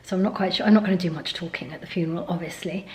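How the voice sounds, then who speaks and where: A middle-aged woman vlogging casually to camera while ill and congested, hoarse and tired, often talking half-whispered. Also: fairly low pitch, racing, darkish tone, rough recording. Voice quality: gravelly. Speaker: beauty vlogger. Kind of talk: casual vlog chat to camera.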